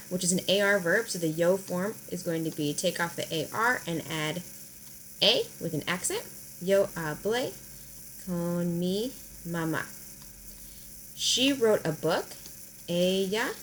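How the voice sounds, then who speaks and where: Teacher lady, lowish voice, walking thru spanish verb endings, faint hiss behind. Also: fairly bright tone, rough recording. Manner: friendly, explanatory, slows down to spell out verb endings. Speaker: high school Spanish teacher. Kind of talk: recorded video lesson at a whiteboard.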